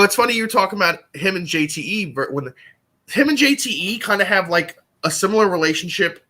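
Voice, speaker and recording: Man, young adult, podcast co-host, casual rambling chat, bright tone. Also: a little high. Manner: rambling, heavy use of "like". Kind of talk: casual chat about a trivia competition.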